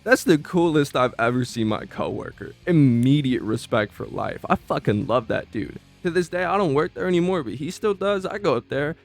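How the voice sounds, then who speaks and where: A man's voice: a little high, a little fast, vocal fry, few pauses. Profane guy telling stories. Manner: profane, slangy, animated, stammers on restarts. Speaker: vlogger recounting old job. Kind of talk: casual storytelling. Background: faint background music.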